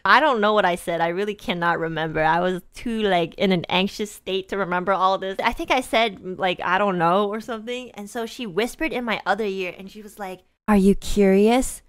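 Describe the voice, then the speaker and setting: A young woman streamer telling a rambling, flustered story in casual chat, breaking into high laughter. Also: a little fast, few pauses, fairly bright tone, clear, resonant tone. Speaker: VTuber streamer.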